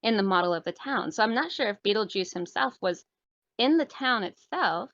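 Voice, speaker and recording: Slightly hoarse woman, dull dry audio. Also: mid-range voice, animated, moderate pace, a bit bright, no echo. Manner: thoughtful, many likes and you-knows. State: losing her voice. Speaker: podcast guest. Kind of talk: casual movie review chat.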